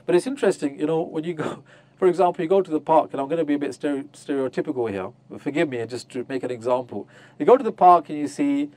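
A man's voice: on the high side, fast, darkish tone. A man giving an interactive religious lecture, asking his listeners questions and acting out little scenes to make his points. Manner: questions the audience, acts out voices of mothers. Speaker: Islamic teacher. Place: on a group pilgrimage tour.

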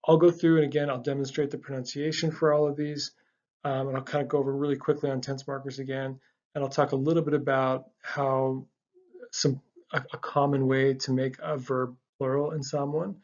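A man's voice: medium pitch, level tone, brisk, a little mellow, dull audio. A man explaining a language lesson over slides, patient and step by step, with frequent ums and restarts. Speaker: language teacher. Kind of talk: casual slide-based lesson narration.

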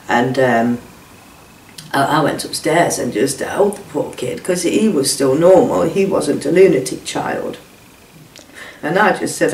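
A woman's voice: sits low, a little slow, darkish tone. A middle-aged woman giving a blunt, emotional first-hand account, swearing freely and acting out what others said. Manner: blunt, swears, acts out quoted speech. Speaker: whistleblower guest. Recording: echoey room, distant mic.

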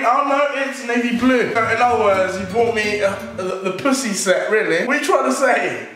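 A man hosting a comedy vlog, excitable and exaggerated, swearing freely. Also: high voice. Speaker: YouTube host. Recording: echoey room, distant mic, background music.

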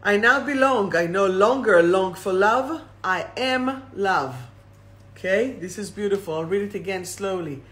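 A woman hosts a live oracle card reading on a phone or webcam stream. She talks at an unhurried pace in a bright, clear voice. She reads each affirmation slowly and then says it again. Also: mid-range voice, lively intonation. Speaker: host and card reader.

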